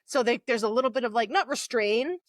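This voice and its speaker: A woman's voice: on the high side, quick pace, no echo, studio quality. A young woman co-hosting a podcast, recapping a novel in casual chat and acting out the characters' lines with laughs. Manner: animated storytelling, acts out quotes with laughs. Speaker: podcast co-host.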